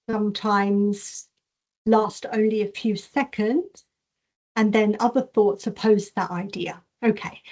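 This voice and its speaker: Animated woman teaching a masterclass. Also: a little high. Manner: animated, reads chat questions aloud and acts out inner voices. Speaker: intuition and Reiki teacher. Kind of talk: online masterclass talk.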